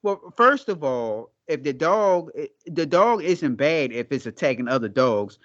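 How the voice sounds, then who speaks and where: A man's voice: fairly high pitch, very animated, a little slow, fairly bright tone. Laughing man on a lo-fi podcast. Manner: laughs often, loose slangy storytelling. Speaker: podcast co-host. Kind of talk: casual chat.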